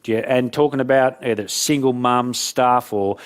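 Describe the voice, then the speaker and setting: A man gives a keynote talk. His voice sits in a middle pitch, and he tells stories in an animated, joking manner. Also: normal speed, clean tone. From Australia. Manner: animated, jokey storyteller. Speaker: motivational speaker.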